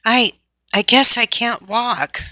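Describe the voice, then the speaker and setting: A woman's voice: fairly high pitch, slow, bright, forceful tone, no echo, pitched above the performer's own voice, low-quality recording. A woman reading aloud, voicing an injured schoolboy who pleads in pain. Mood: pained, pleading. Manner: pained, pleading.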